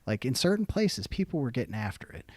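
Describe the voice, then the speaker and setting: Profane, animated young man telling stories. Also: mid-range voice, fast, no room sound. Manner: profane, animated storyteller acting out quotes. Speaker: podcast guest, army veteran. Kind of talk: casual storytelling.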